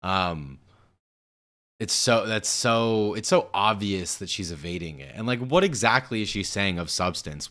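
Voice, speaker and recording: A man's voice: lowish voice, unhurried, a bit bright. A man giving casual reaction commentary on a political clip, blunt, sarcastic and profane.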